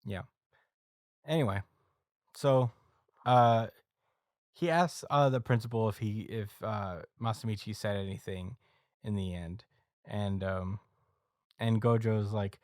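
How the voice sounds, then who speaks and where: A man's voice: on the low side, measured pace, long pauses, darkish tone, no echo, clean studio sound. A man co-hosting a podcast, casually recapping a story with plenty of ums and uhs. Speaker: podcast co-host. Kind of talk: casual chat, recapping a manga chapter.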